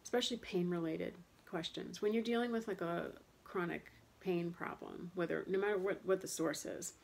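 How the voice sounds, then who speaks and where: Discussing her chronic pain, a woman in her thirties speaks at a moderate pace in a low, gravelly voice. Her casual monologue rambles, full of fillers and restarts, and she keeps looping back over the same point with candid frustration.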